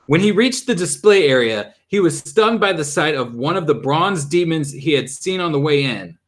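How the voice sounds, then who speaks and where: Lively man reading a storybook aloud. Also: on the high side, moderate pace. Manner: lively, stumbles and laughs at own slips. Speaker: host reading a book aloud. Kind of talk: casual read-aloud narration.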